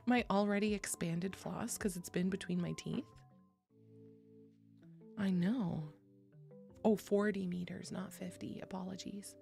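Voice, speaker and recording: A young woman streamer with a gravelly edge to her voice, rambling loosely to her chat. She laughs easily and swears freely. Soft music plays faintly underneath. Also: mid-range voice, steady tone, takes it slowly, pauses often. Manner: chatty, swears freely, laughs often, reads chat aloud. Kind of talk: casual chat with chat.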